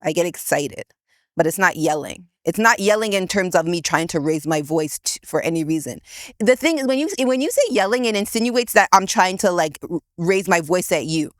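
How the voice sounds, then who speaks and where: A woman co-hosting a casual podcast, animated and excitable, pushing back hard in a back-and-forth argument. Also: on the low side, normal speed, no echo, studio quality. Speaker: podcast co-host.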